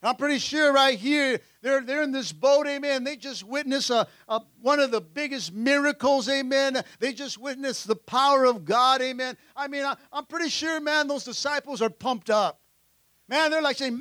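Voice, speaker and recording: High, bright-voiced pastor preaching energetically. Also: male voice, moderate pace, dry recording. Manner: energetic preaching, frequent "amen", acts out disciples' voices. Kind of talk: sermon. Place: church sanctuary.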